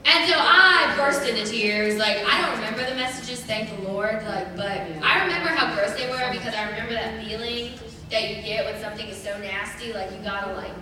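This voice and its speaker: A young woman sharing a personal testimony with a church congregation, chatty and animated, with many "like" fillers. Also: fairly high pitch, a little fast, few pauses. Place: church hall. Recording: very echoey church hall, distant mic, faint noise.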